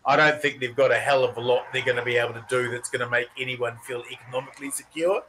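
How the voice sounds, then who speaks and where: Bright exasperated New Zealand man. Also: medium pitch, steady tone, fast, a little hiss or hum, low-quality recording. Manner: exasperated, rambling, laughs in disbelief. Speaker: podcast co-host. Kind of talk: casual political chat.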